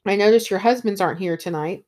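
A woman's voice: medium pitch, fast, a little mellow, close to an everyday voice. Woman reading an anxious man out of place, urgent and tense. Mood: uneasy. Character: troubled uneasy man, a fireman.

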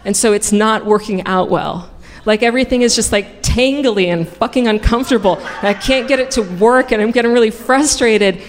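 A woman's voice: on the high side, moderate pace, hardly any pauses. Frank, profane woman telling a stage story. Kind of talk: live personal storytelling. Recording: reverberant hall.

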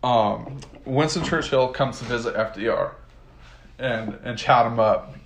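A man's voice: mid-range voice, a little slow, slight background noise. A man from the United States casually retelling history in a rambling, slangy way, with many fillers and laughs. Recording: roomy echo.

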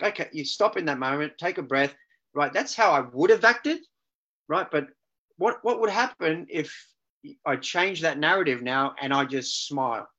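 Life coach guy, kinda high voice, keeps going "right?", sound is a bit muffled. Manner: energetic, keeps checking in with "right?". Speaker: life coach, podcast guest. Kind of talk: casual podcast conversation.

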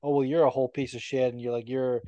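A man's voice: medium pitch, fast, dry recording, dull audio. Casual, profane man on a podcast. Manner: swears often, animated storytelling with quoted asides. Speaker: podcast co-host. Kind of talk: casual chat.

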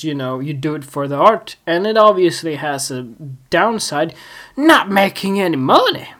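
A man talks alone into his podcast, rambling from one thought to the next and mocking himself as he goes. His pace is slow and unhurried, and he often breaks off to laugh at his own asides. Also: fairly high pitch. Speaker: podcast host. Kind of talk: solo podcast monologue.

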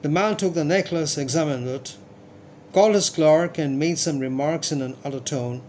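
Measured male storybook narrator. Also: a little high, darkish tone, a little hiss or hum. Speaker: audiobook narrator.

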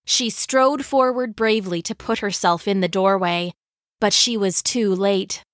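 A woman narrating a scripted children's story in a measured, vivid way. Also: medium pitch, no echo, studio quality.

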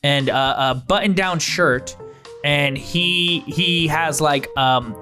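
A man's voice: on the high side, slow, bright, forceful tone, soft background music. A man narrating a tabletop game as game master, rambling with fillers and restarts.

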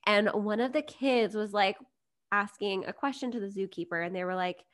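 A woman's voice: medium pitch, fairly quick. A woman, a business coach chatting as a podcast guest, upbeat and digressive. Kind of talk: casual podcast conversation.

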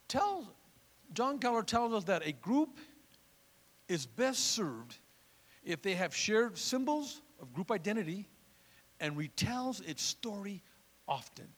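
A man's voice: high voice, fairly bright tone, in a large hall. A male pastor preaching a fervent sermon, calling out to his congregation for responses. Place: church.

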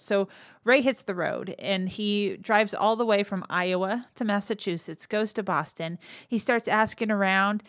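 A woman of ordinary mid pitch hosts a podcast, walking through a movie's story in a loose, conversational way. She laughs often and drops into quick quoted lines for the characters. The sound is close and dry, with no room around it. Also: a bit bright, dry recording. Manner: chatty, laughs often, retells scenes with quick quoted voices. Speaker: podcast host. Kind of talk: casual movie recap.

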